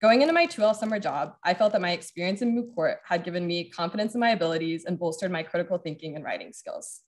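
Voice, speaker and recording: A woman's voice: on the low side, lively intonation, quick pace. A law student in her twenties giving an earnest, grateful prepared speech at a ceremony. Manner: earnest, grateful, briefly choked up.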